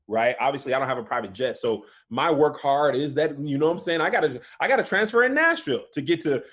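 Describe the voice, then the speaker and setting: A man in his thirties, a comedian guest, in casual podcast chat, telling stories in a lively way. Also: a little high. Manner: animated storytelling, often says "you know what I'm saying".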